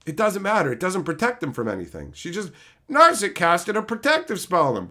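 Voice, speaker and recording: A man's voice: high voice, fairly quick. A man in his thirties, live-streaming and chatting with viewers by name, ranting with lots of profanity. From Canada. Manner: animated, profane ranting, answering chat by name.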